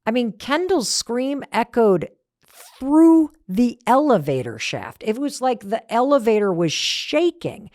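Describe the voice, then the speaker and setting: A woman's voice: fairly high pitch, big pitch swings, a little slow, darkish tone, dry recording. Emphatic woman podcast host, dry sound. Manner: emphatic, storytelling with punchy repetition. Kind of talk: motivational podcast talk.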